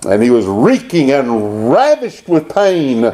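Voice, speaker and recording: A pastor preaching a Baptist sermon, rising into emphatic bursts and reading scripture aloud. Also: male voice, mid-range voice, wildly swooping pitch, takes it slowly, hardly any pauses, mellow.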